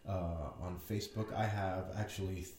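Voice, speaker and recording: Mellow-voiced male podcast guest, roomy sound. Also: deep voice, fairly even intonation, moderate pace. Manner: rambling, hesitant restarts. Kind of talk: casual podcast interview. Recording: roomy echo with faint background noise.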